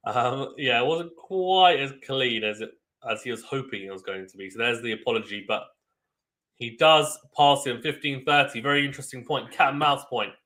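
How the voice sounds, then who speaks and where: A young man calls a tennis match live for a watchalong stream, his voice bright and forward with a ringing edge. He moves from steady point-by-point description into sudden loud bursts of surprise. His pitch sits in an ordinary middle range. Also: moderate pace. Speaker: watchalong host.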